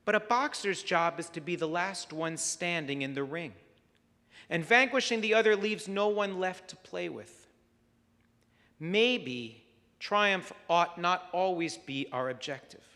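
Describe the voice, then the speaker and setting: A man preaching a sermon as rabbi, measured and reflective, weaving stories into his message. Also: high-pitched, pushed and bright. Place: synagogue sanctuary. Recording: long hall reverb.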